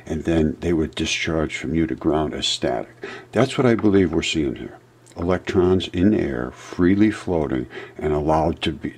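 A man's voice: a bass voice, a little mellow, husky. A man vlogging in a rambling, storytelling way, losing his thread and restarting as he explains his ideas. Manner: meandering, loses track and restarts. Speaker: amateur science vlogger.

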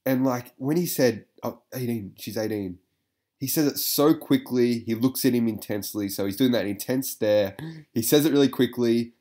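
A man's voice: medium pitch, moderate pace, warm tone. A man giving casual reaction commentary, rambling with lots of fillers, swearing and frequent laughter.

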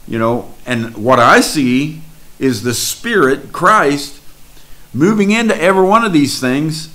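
A man delivers a sermon with scripture readings. He speaks unhurriedly and stretches out his phrases in a preaching cadence, and his voice sits at an ordinary middle pitch. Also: fairly bright tone. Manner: slow, drawn-out preaching cadence.

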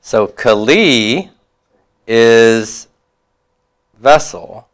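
A man's voice: mid-range voice, lively intonation, drawn-out words. A man teaching a class, reviewing homework and prompting students with questions, with occasional chuckles.

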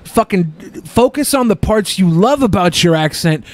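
A man co-hosts a podcast in a high-pitched, animated voice at a moderate pace, reading listener questions aloud and giving loose, profane, joking advice. He laughs often, and the banter is crude and jokey.

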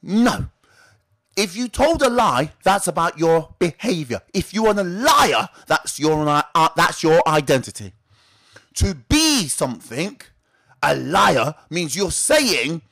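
A man with a high voice that swoops up and down as he teaches. He hosts a weekly trading tip and keeps the talk moving with rhetorical questions that he answers himself. His delivery is lively and animated. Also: slow, gravelly. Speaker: trading educator and show host. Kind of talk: direct-to-camera teaching talk.

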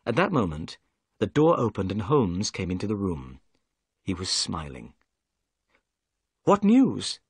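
A man giving clear, measured narration of a graded reader story. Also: low voice, big pitch swings, no room sound, studio quality.

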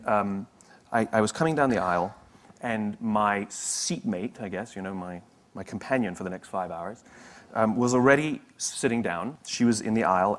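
Conversational male motivational speaker. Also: medium pitch. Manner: conversational storyteller with humorous asides. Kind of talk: motivational talk to an audience.

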